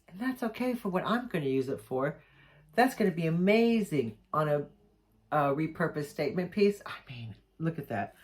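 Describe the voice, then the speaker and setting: Excited woman vlogger, slightly low voice, gushing unboxing chat with lots of restarts. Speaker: jewelry maker unboxing mail. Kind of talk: casual unboxing vlog chat.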